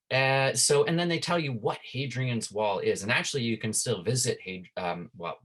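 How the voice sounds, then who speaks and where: Slow Latin teacher, lively pitch. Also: male voice. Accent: Canadian. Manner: says "right?" constantly, reads Latin slowly. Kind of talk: online lesson.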